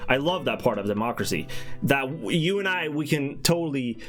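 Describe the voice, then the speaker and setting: A man's voice: medium pitch, lively intonation, a little fast, soft background music. A man from Sweden with a Swedish accent, hosting a casual live stream and rambling as he talks to his chat. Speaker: livestream host.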